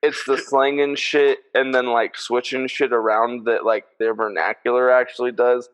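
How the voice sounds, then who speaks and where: A man's voice: medium pitch, level tone, normal speed, fairly bright tone, clean tone, rough recording. Blunt, swearing young male host. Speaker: podcast host. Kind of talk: casual chat.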